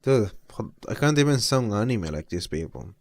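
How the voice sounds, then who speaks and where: A man's voice: lowish voice, big pitch swings, moderate pace, dry recording, clean studio sound. A young adult man streaming casual reaction commentary, rambling and laid-back.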